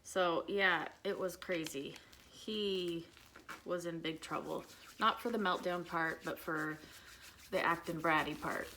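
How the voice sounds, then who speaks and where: A woman's voice: lowish voice, steady tone, slow pace, bright, forceful tone, slight background noise, rough recording. Candid rambling woman venting in a vlog. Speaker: vlogger, mother of an autistic son. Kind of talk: casual makeup vlog chat.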